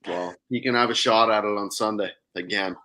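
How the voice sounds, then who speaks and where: Low-pitched male guest with a sharp bright tone, dry humor, on a call. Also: fairly even intonation, brisk. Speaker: guest angler. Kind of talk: casual chat. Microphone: computer call.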